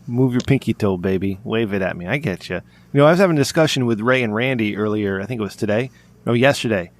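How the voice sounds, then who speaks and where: A podcast host with a quick pace and a voice on the low side tells a long, rambling, profane story, restarting it again and again. It's casual, profane podcast chat.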